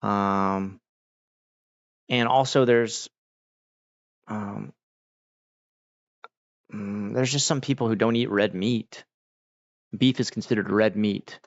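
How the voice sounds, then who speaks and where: A lowish-voiced man rambles easily through a casual livestream chat, full of fillers. The sound is dry and a bit dull. He sounds unhurried and at ease. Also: no room sound. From United States. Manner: rambling, relaxed, many fillers. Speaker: livestream host.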